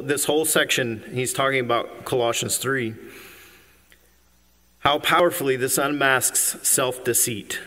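Guy preaching a sermon, earnest and punchy, mid pitch, big echoey hall. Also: pushed and bright. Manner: earnest, emphatic preaching with fillers. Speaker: pastor. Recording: long hall reverb.

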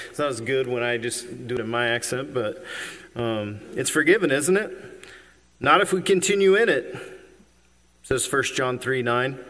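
A pastor preaching a sermon, earnest and emphatic, with occasional ums and uhs. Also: male voice, medium pitch, sharp tone. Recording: long hall reverb.

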